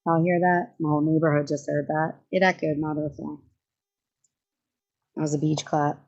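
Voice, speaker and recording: A woman with a somewhat low voice chats sarcastically through live commentary, laughing and restarting her sentences. The sound is dull and lo-fi. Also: level tone, normal speed, a little mellow. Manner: chatty and sarcastic, frequent laughs and self-interruptions. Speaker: commentary streamer. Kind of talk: casual livestream commentary.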